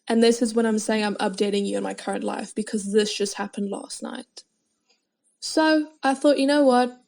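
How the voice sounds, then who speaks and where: A young woman with a slightly high voice hosts her own podcast alone. She talks casually and dramatically, with self-mocking asides, into a podcast microphone. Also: gravelly, a little mellow. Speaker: podcast host. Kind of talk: casual solo podcast chat.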